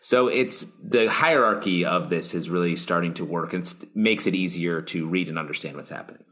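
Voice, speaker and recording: A man with a low-pitched voice talks through his take on a comic for a podcast. He is casual and thoughtful and pauses with plenty of fillers. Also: a bit bright. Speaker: podcast co-host. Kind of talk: casual comic review chat.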